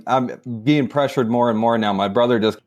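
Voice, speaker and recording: A man's voice: medium pitch, fairly quick, a little mellow. A man in his twenties, a podcast guest chatting easily with plenty of likes. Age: 20s. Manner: easygoing, with filler likes. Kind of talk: casual chat.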